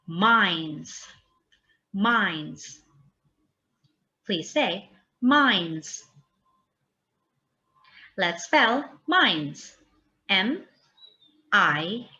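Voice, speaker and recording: A woman teacher giving a slow, drawn-out vocabulary lesson for young children and spelling words aloud letter by letter. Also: mid-range voice, sharp tone, muffled recording.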